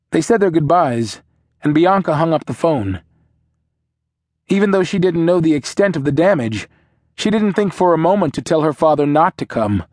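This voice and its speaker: A man works as an audiobook narrator, reading a novel as scripted narration in a measured, steady storytelling manner. His voice is a little high, and the recording is clean studio sound with no echo.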